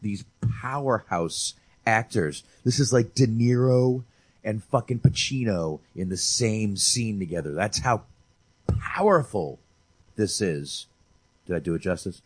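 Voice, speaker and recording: Casting: low-voiced male podcast host, profane, joking, dry close mic. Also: animated, unhurried, breathy edge, no room sound. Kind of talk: casual movie review chat.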